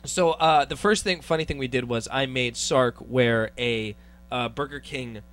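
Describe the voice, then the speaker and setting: A man's voice: medium pitch, measured pace, a bit bright. A man in casual podcast chat, brash and swearing as he tells stories with laughs. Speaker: guest co-host.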